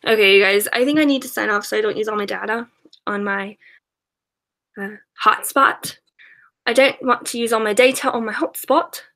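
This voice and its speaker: A woman's voice: mid-range voice, normal speed, fairly bright tone. A young woman chatting casually with viewers on a live stream, rambling with lots of fillers and restarts and laughing often. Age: young adult. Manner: rambling, filler-heavy, giggly. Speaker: YouTuber answering live chat.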